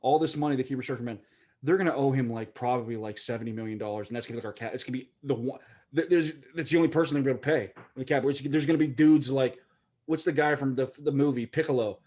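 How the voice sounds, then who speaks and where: A man, co-hosting a casual sports chat in an excitable, jokey, rambling way. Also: medium pitch, quick pace. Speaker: podcast co-host.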